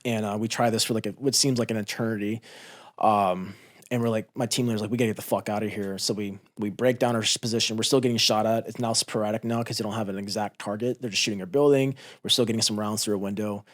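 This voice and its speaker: Talking fast with a low, fairly even voice, a thirties-aged ex-Marine relates a combat story on a studio podcast. He's intense and profane, acting out the shouts as he goes.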